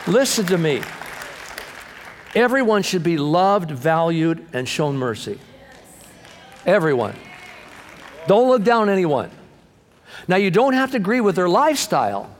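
Animated preaching man in a reverberant hall. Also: high-pitched, slight background noise. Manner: animated preacher acting out quoted voices, swinging loud and soft. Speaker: pastor. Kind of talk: sermon.

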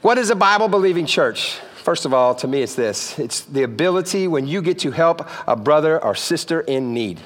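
A man's voice: a little high, animated, moderate pace, hardly any pauses, big-room sound. A man preaching a sermon in a church, playful and joking, often checking in with the crowd. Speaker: pastor. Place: church sanctuary.

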